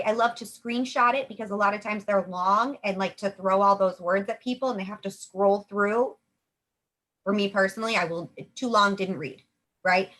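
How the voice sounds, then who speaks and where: A young woman coaches network marketing from home in a mid-range, fairly bright voice. Her casual talk is chatty and upbeat, and she acts out sample sales conversations.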